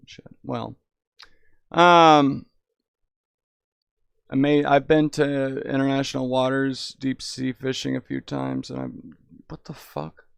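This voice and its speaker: A man's voice: medium pitch, vocal fry, dry recording. A young man streaming in VR, chatting casually and rambling, swearing a lot and saying "dude". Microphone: headset in VR.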